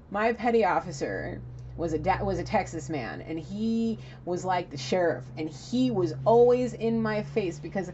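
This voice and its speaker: A woman's voice: medium pitch, animated, measured pace, mellow, dull audio, a little hiss or hum. A woman giving a spiritual reading to camera in an emphatic, profane, chatty manner. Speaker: psychic reader.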